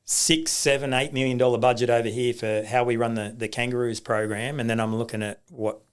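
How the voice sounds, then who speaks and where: Middle-aged Australian man, guest storyteller, anecdotal, mid-pitched. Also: fairly even intonation, a little fast, clear, resonant tone. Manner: anecdotal, acts out quoted voices, many restarts. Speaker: guest, rugby league coach. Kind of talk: storytelling in a casual interview.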